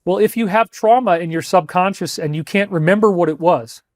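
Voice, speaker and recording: A man's voice: high-pitched, a little fast, no room sound, clean studio sound. A man hosting a livestream, crying as he speaks emphatically and repeats himself while addressing his listeners as folks. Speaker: host. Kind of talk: emotional livestream monologue.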